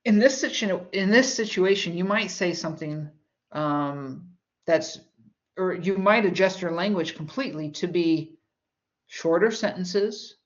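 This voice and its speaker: A woman with a lowish voice delivers a recorded college English lecture. She keeps it conversational, working through everyday examples with casual asides. The sound is slightly dull and lo-fi. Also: measured pace.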